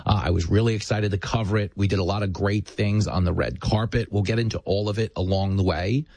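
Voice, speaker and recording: A man's voice: fairly low pitch, fairly even intonation, brisk, gravelly, a little mellow, dry recording. A man hosting a talk show, delivering an emphatic, sardonic political monologue into a studio microphone.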